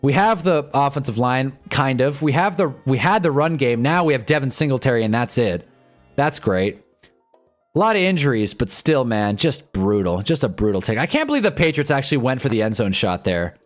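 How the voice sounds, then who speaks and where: A young man rambles through live fan commentary, wry and fed up, with a medium-pitched voice. Faint music plays quietly behind him. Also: sing-song, brisk. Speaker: livestream host reacting to a football game. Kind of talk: casual live commentary and chat.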